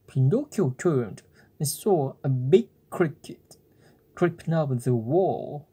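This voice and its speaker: Bedtime story reader, very slow, breathy, mellow, gentle reading aloud. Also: medium pitch, animated.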